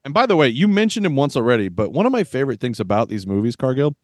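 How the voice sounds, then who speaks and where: A man in his thirties co-hosting a podcast, joking about old movies in a wisecracking, animated way and laughing often. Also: mid-range voice, fast, no echo, clean studio sound. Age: 30s. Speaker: podcast co-host. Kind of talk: casual movie-review chat.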